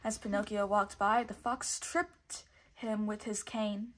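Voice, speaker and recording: A woman, a teacher, reading a children's storybook aloud in a clear, expressive way. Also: medium pitch, takes it slowly, a little hiss or hum. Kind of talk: storybook read-aloud narration.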